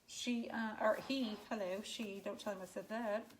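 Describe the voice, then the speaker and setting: A woman's voice: mid-range voice, steady tone, moderate pace, slight background noise. A woman painting furniture on a live stream from her home garage, chatting and teasing her viewers as she works. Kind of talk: casual live-stream chat.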